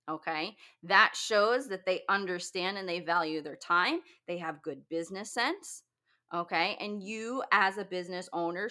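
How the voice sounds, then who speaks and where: A woman's voice: medium pitch, sharp tone. A woman who owns a wedding business, giving blunt, profane advice in a casual talk.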